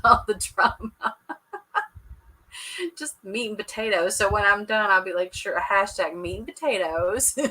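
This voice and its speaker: A woman's voice: mid-range voice, bright, forceful tone, rough recording. A woman hosting a casual live chat, sassy and joking, laughing often as she talks to her viewers. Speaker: livestream host recapping a reality show.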